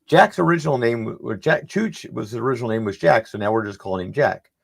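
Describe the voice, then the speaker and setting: Fast-talking and gravelly, a middle-aged man of medium pitch uses lively intonation as he tells a long, rambling story on a podcast. As a panelist, he acts out each bit of dialogue in his anecdote.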